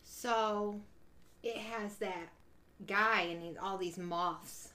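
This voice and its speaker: A woman's voice: mid-range voice, steady tone, very slow, bright, forceful tone, a little hiss or hum. A woman co-hosting a casual podcast, laid-back and giving brief replies. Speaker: podcast co-host.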